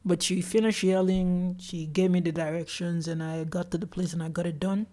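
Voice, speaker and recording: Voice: mid-range voice, fairly even intonation, moderate pace, mellow. A solo podcast host recounting their day in a loose, chatty way. The talk is full of "like" fillers, and the host acts out what other people said along the way. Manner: chatty, with many "like" fillers and acted-out quotes. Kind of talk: casual solo storytelling.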